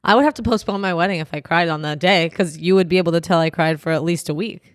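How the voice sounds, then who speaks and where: A young woman co-hosting a podcast, chiming in with quick reactions and jokes in casual chat. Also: fairly low pitch, no echo, clean studio sound. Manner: short reactive interjections, joking. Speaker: podcast co-host.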